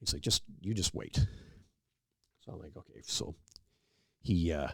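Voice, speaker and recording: Middle-aged man with a very deep, gravelly voice, relaxed podcast guest spinning anecdotes and playing out the dialogue. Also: unhurried, no room sound. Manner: relaxed anecdotal storyteller, acts out quoted dialogue. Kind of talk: casual storytelling interview.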